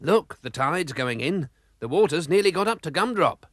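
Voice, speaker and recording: A man voicing the gloomy, hapless father of a bumbling family, speaking in a slow, glum, plodding way. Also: a little high, lively intonation, fairly bright tone, no room sound, clean studio sound, pitched above the performer's own voice.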